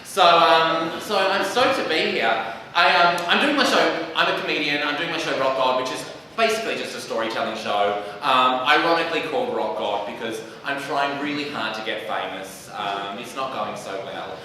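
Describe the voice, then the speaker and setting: A young Australian man doing stand-up, with a bright, tense voice and a sassy, self-mocking delivery full of halting ums. He is heard from a distance in a big echoing hall with a long tail of reverb and faint noise behind him. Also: mid-range voice. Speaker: stand-up comedian. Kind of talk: stand-up storytelling. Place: live theatre stage. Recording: echoey hall, mic from far off.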